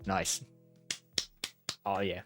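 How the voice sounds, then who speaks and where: A man's voice: extremely slow, music in the background. A young man reading a visual novel aloud as a let's-player, laughing often between plain narration.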